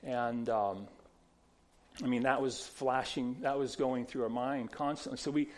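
A man's voice: mid-range voice, steady tone, unhurried. A man pastor preaching a sermon, telling stories conversationally with many restarts and repeated words.

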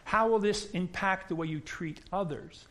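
Male pastor with an American accent and a high, light voice; talks through his sermon plainly and often repeats himself at the start of a phrase. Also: moderate pace, a bit bright. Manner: conversational, repeats words when starting sentences.

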